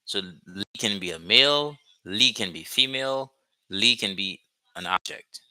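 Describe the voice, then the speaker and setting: A man teaching a language lesson, repeating phrases slowly and checking in with "okay?" after each point. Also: lowish voice, expressive, bright, forceful tone, no echo. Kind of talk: slow explanatory lesson.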